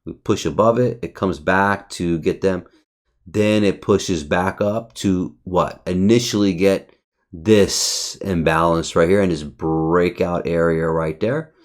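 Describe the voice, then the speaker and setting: A man's voice: sits low, slow. A man reviewing his day's trades over a chart in casual, profane, brash talk. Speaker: trading educator.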